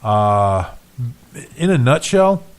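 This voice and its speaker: A man co-hosting a casual radio show in a studio, talking in halting restarts with dry jokes. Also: mid-range voice, very animated, clear, resonant tone. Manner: hesitant, restarts often, dry joking.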